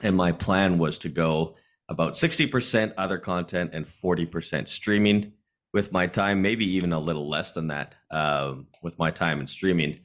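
A man's voice: sits low, moderate pace. A man, a streamer guest on a podcast, chatting casually and explaining his views at length.

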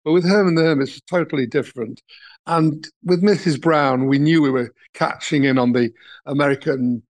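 A man's voice: on the high side, normal speed. Older English man, talent manager, anecdotal interview storyteller with a chuckle. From England. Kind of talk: reminiscing interview answers.

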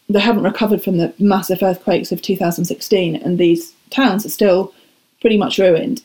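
A woman's voice: lowish voice, warm tone. A woman talking as a guest in a casual podcast chat, enthusiastic and self-deprecating.

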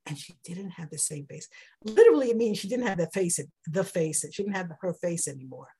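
A woman teaching a Torah class in a lively way, acting out the dialogue with big jumps in pitch. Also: brisk, husky, rough recording.

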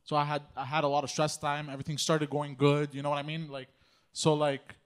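A man in casual conversation, talking haltingly with many fillers. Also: on the high side, little pitch movement, smooth. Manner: hesitant, rambling, lots of fillers. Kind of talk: casual chat.

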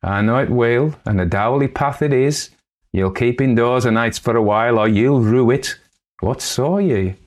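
A man's voice: mid-range voice, normal speed, pitched above the performer's own voice, close to an everyday voice. A man voicing a stern, grim old village wise woman who speaks in Northern English dialect, reading her lines in a storybook.

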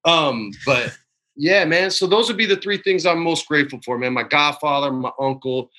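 A man in his forties talks in a relaxed, easy interview from his home. His voice has a bright, pressing edge. He tells his stories openly and gets choked up at times. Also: a little high, normal speed. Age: 40s. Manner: emotional, choked up while storytelling; laid-back, says man and dude a lot. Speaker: actor guest. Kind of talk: casual interview chat.

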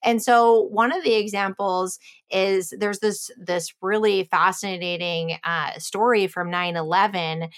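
A woman's voice: medium pitch, fairly even intonation, a little slow. Chatty woman explaining with fillers. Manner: explains at length with many fillers and restarts. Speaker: guest, former intelligence officer and author. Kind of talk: casual interview answer.

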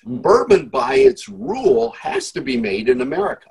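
A man putting on a slow, gravelly voice to solemnly proclaim a set of rules, raising it high and wide. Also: wildly swooping pitch, darkish tone, full character voice. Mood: mock-solemn. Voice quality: gravelly, husky, drawn-out.

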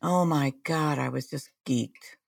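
A retired woman in her sixties, chatting casually as a podcast co-host in an animated, self-mocking way. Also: sits low, gravelly. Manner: animated, chatty, quick to laugh at herself. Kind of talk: casual chat.

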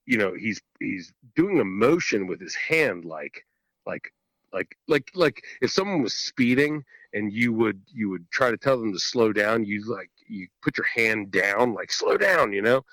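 A man telling a hunting story in a casual podcast chat, animated and swearing freely, often laughing. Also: fairly low pitch, unhurried, dry recording, low-quality recording. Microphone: podcast microphone.

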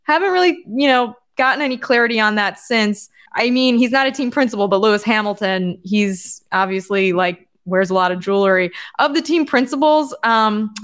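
A woman's voice: mid-range voice, lively intonation, moderate pace, hardly any pauses, a bit bright, clear, resonant tone. A woman co-hosting a motorsport podcast, chatting casually, laughing often and using lots of fillers. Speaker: podcast co-host. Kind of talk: casual chat.

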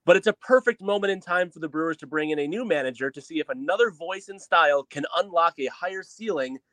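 A man's voice: fairly high pitch, animated, quick pace, fairly bright tone, no room sound. A man hosting a casual sports podcast, teasing his co-hosts and steering the questions. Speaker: podcast host.

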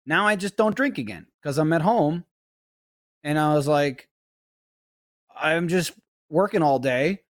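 Lively swearing podcast man. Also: no room sound, studio quality. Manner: lively storyteller, swears freely, mimics his kid in a high voice. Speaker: podcast host. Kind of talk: casual chat.

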